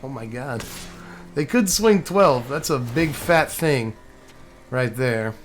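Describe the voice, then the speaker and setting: A gameplay streamer with a mid-range male voice talks slowly and casually over his own online card game, with slight noise in the background. He's animated, chatting to himself and the game, and breaks into exasperated rants whenever a play goes wrong.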